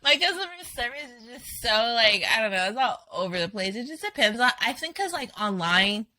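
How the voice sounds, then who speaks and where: A woman hosting a podcast in casual chat, loud and profane, laughing a lot. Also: a little high, big pitch swings, brisk. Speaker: podcast host.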